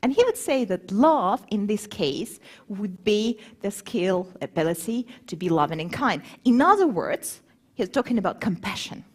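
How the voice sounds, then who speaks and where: A woman speaking to a live audience in a planetarium, lively and animated, putting questions to the crowd as she goes. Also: medium pitch, moderate pace, husky. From grew up between Moscow and Warsaw. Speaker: conference speaker.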